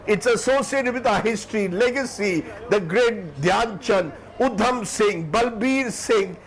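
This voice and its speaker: A man in his fifties with an Indian English accent, giving emotional live news commentary, teary-eyed and fervent, with halting restarts. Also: high-pitched, poor audio. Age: 50s.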